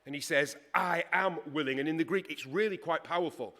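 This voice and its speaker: A man's voice: a little high, fairly bright tone. Emphatic man preaching a sermon. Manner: conversational, emphatic, with dramatic pauses and acted quotes.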